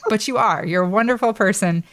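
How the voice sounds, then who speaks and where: A woman's voice: medium pitch, quick pace. A woman hosting a podcast, chatting casually with a friend and laughing often as she tells stories. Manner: warm, laughing, chatty storyteller. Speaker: podcast host.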